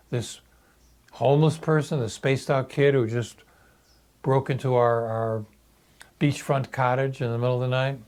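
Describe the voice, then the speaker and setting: A man in his sixties telling a personal story in a halting, reflective video monologue. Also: mid-range voice. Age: 60s. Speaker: video blogger.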